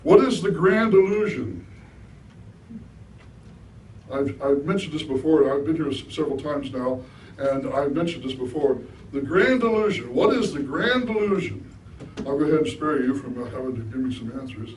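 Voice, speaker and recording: His voice sits on the high side, with lively intonation and a normal speed. He's a middle-aged guest speaker giving a conversational spiritual talk to a live hall audience, frequently asking them questions, captured by a distant mic in an echoey room with a bit of hiss or hum.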